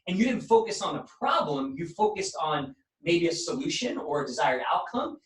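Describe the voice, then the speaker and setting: A man's voice: a little high, big pitch swings, moderate pace, hardly any pauses. A man hosting a podcast, giving a motivational talk full of inspirational phrases. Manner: preachy, builds up inspirational phrases. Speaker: podcast host and coach. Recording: roomy, distant mic.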